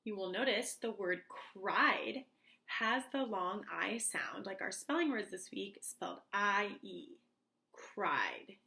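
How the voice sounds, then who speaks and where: A woman teacher speaking slowly and clearly to young children in a reading lesson, leading the class through words to repeat. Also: mid-range voice, animated, pushed and bright. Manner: slow, clear and encouraging, like a teacher to small kids.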